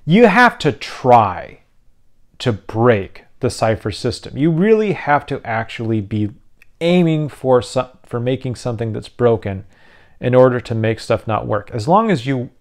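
This tired man hosts a YouTube channel, explaining tabletop game rules in a mid-range voice that stays animated at a measured pace despite his yawns. He rambles casually and keeps restarting.

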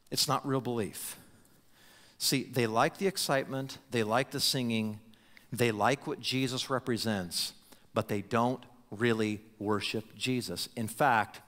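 Lively bright-voiced male pastor preaching. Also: medium pitch. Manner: animated, acts out quoted voices; stumbles and repeats words. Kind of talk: sermon. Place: church sanctuary. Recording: long reverb of a church hall.

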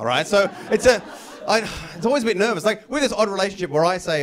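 A young man doing stand-up comedy in a chatty, animated style, often tagging lines with "right?". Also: high-pitched, a little fast.

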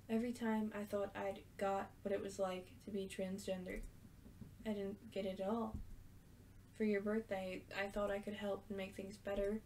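A woman's voice: mid-range voice, dark tone, a little hiss or hum, lightly acted. A woman reading aloud the lines of a blunt, clumsy but caring young woman from a story game, in an earnest voice.

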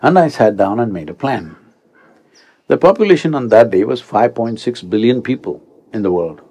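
A man in his sixties, a spiritual teacher, giving an animated speech to a young audience and often prompting listeners with rhetorical asides. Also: medium pitch, normal speed, husky. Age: 60s.

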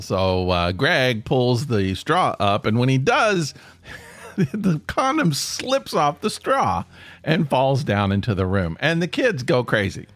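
Lively, animated male podcast storyteller. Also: mid-range voice, measured pace, dry recording. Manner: animated, self-deprecating, laughs mid-sentence. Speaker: podcast host. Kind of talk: comic storytelling.

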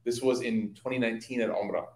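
Man teaching, lively storyteller, roomy hall. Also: medium pitch, fast. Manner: lively anecdotal storytelling, addressing audience. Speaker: religious teacher. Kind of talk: evening Quran study talk. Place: community hall.

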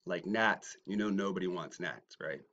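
A man ranting at critics in a response video, mocking and swinging from low muttering to loud shouting. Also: moderate pace, lo-fi sound. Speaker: YouTuber. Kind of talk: confrontational response video rant.

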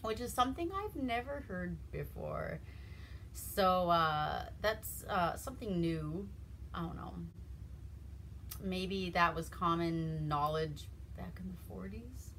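A woman's voice: lowish voice, lively intonation, slow, creaky, a bit bright, a little hiss or hum. A woman from Alaska giving a casual, rambling movie recap, laughing often as she goes. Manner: giggly, rambling, with frequent laughs. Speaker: movie reviewer.

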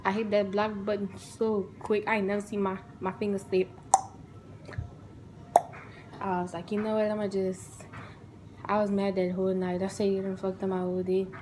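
Young adult woman, casual storytime vlog, animated, acts out each character. Faint noise. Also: mid-range voice, brisk, rough recording.

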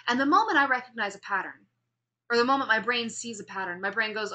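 Young woman lecturing a speech class, bright voice, keeps demoing pitch and emphasis, asks the room questions. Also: big pitch swings, a little fast. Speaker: speech instructor.

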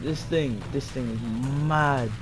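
A young man giving casual, rambling commentary over his own racing gameplay, self-mocking and breaking into excited bursts. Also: medium pitch, takes it slowly, noisy background. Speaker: gaming video creator.

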